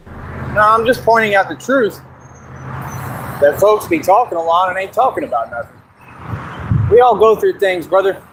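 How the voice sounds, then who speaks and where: Man, boastful combative rant, fairly high voice, noisy outdoor stream. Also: lively intonation, unhurried, long pauses. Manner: boastful, combative, repeats himself. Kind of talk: ranting monologue. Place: outdoors in the dark.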